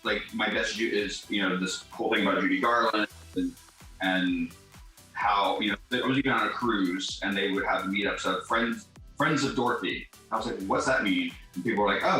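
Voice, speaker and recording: Low, bright-voiced man, far and echoey. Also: fairly quick, faint music behind. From United States. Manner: casual, rambling. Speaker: drag performer. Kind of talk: documentary interview. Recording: echoey, distant from the mic.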